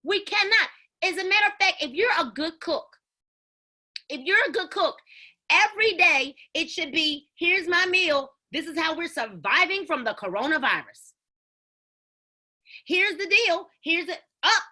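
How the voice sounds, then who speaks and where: A woman giving an energetic motivational talk on a video call, preaching and calling out to her listeners. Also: very high voice, a little slow. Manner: preachy, exclamatory, call-and-response. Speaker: network marketing leader.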